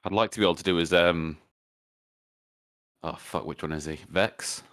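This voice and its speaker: A man with a very deep voice runs a tabletop game over voice chat. He chats casually, jokes and swears freely. The sound is close and dry. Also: normal speed, a bit bright, no echo. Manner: swears freely, joking, trying out character accents. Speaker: dungeon master.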